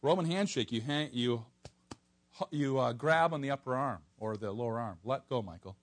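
A man preaching an expository sermon to a congregation, animated, swinging from soft asides to near-shouted emphasis. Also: mid-range voice, moderate pace.

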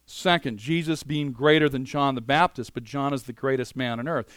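A man preaching a sermon, animated and conversational, moving between loud emphasis and quiet asides. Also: medium pitch, normal speed, clean tone, dry recording, studio quality. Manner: conversational, many "you know" fillers.

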